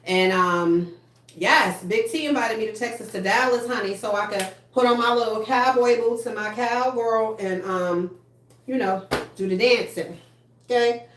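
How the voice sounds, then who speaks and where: A woman's voice: fairly high pitch, moderate pace, fairly bright tone, a little hiss or hum. A woman in her thirties hosting a casual livestream, chatting bluntly with lots of cursing and reading viewer comments. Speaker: livestream host. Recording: echoey room.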